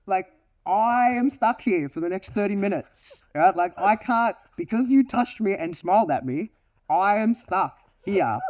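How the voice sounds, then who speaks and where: Brief: a man playing an anxious male pet dog, high-pitched and pleading, strained and exasperated. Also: expressive, measured pace, darkish tone.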